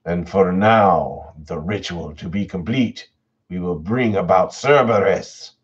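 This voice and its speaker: Solemn cult leader, male, slow and ceremonial, husky and deep, as a man acts him out; dull lo-fi sound. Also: exaggerated voice. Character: sinister male cult leader performing a ritual. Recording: dull lo-fi audio.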